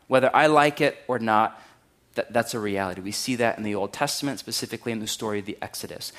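A man, preaching a conversational sermon in a wry, animated way and raising his voice to act out quotes. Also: mid-range voice. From California. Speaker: pastor.

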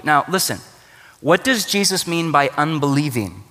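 A man's voice: fairly high pitch, very animated, normal speed, bright, forceful tone, long reverb tail. A man preaching a sermon to his church, conversational and joking in his asides. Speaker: pastor.

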